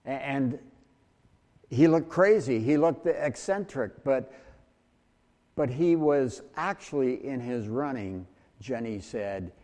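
A man preaching a sermon, talking slowly and haltingly with frequent restarts and fillers. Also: medium pitch, animated, warm tone, in a large hall. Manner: slow, halting delivery with many restarts and fillers. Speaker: pastor.

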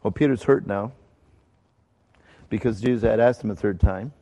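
A man preaches in a church sanctuary, his gravelly voice carrying a long hall reverb. He teaches earnestly and conversationally. He slows down to stress his key points. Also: fairly low pitch, warm tone. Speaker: pastor. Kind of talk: sermon.

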